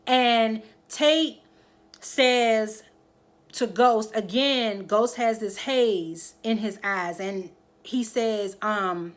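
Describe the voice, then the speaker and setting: Animated woman recapping a TV episode. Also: medium pitch, slow. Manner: animated storytelling, acts out the characters' lines; addresses viewers directly, keeps checking in with "okay?". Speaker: TV episode reviewer.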